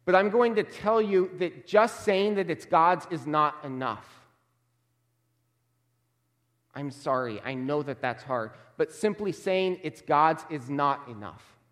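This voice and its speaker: A man preaching a sermon as a pastor, emphatic and measured, slowing down to stress key words. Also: on the high side, fairly bright tone, in a large hall.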